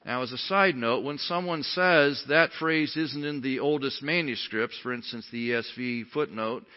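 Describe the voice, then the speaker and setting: A man's voice: medium pitch, moderate pace. Emphatic male preacher in an echoing hall. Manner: emphatic, with sudden loud rises and quiet drops. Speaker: pastor. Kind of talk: sermon. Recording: dull sound with long hall reverb.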